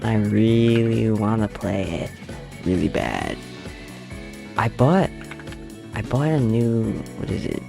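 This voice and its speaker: With a gravelly voice on the low side, a young man speaks a little slowly and with fairly even intonation while drawing on his channel. He giggles frequently through a rambling, casual story as faint background music plays.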